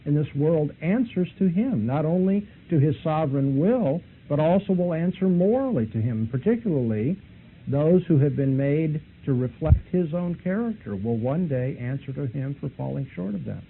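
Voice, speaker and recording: A man's voice: expressive, moderate pace. Argumentative male lecturer, tinny old recording. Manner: argumentative, pitch rising as he presses a point. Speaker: Christian apologist lecturer. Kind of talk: lecture with a retold debate. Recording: tinny lo-fi recording, faint hiss.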